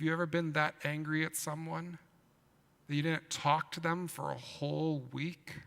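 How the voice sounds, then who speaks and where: A man, a pastor, giving an animated children's sermon in a church and asking his listeners questions as he tells the story. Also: fairly high pitch, measured pace, vocal fry, big-room sound. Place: church sanctuary.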